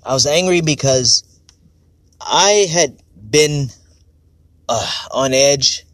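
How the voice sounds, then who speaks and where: Sounding on edge, a man of medium pitch rambles through a frank personal monologue on his podcast, cursing frequently and fixing his words as he goes. No echo is audible.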